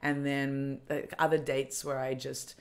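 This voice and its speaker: A young woman hosting a podcast in her apartment, talking in a casual, halting way with many fillers and restarts. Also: extremely low pitch, level tone. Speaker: podcast host. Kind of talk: casual chat.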